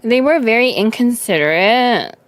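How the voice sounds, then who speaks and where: A woman's voice: fairly high pitch, lively intonation, moderate pace, no echo. A woman streamer chatting casually on a livestream, telling crude stories with frequent giggles and lots of "like". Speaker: vtuber streamer.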